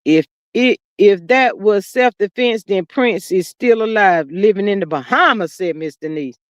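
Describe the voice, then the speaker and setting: A woman hosting a livestream, talking casually and animatedly, swinging between loud outbursts and low murmurs. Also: moderate pace, few pauses, no room sound, clean studio sound. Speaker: livestream host.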